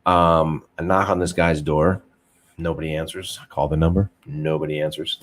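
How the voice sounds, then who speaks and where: Deep-voiced man, rambling and profane. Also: little pitch movement, moderate pace. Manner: swears freely, rambling, self-deprecating. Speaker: podcast host. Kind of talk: casual unfiltered chat.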